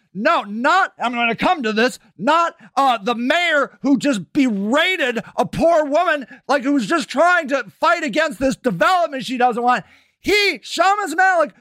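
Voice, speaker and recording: A man hosting a podcast, delivering a heated, profane rant and shouting often between the clips he plays. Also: very high-pitched, no echo, studio quality. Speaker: podcast host.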